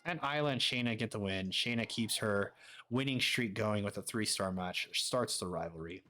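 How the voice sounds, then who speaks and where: A man giving quick, offhand commentary as he plays a wrestling management game. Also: on the low side, bright, forceful tone. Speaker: gaming streamer.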